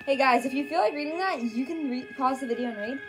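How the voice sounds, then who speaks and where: A woman's voice: sits high, fast, over loud music. A young woman chatting casually while playing a game, giggly and blurting out reactions. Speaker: gaming YouTuber. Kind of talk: casual let's-play chat.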